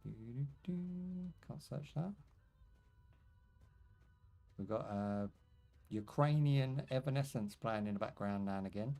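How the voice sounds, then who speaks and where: A man's voice: lowish voice, unhurried, gravelly, pauses often, mellow, soft background music. A man chatting jokily as he live-streams a video game. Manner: joking, chatty, talks to himself and chat. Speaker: livestream gamer. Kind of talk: casual gameplay commentary.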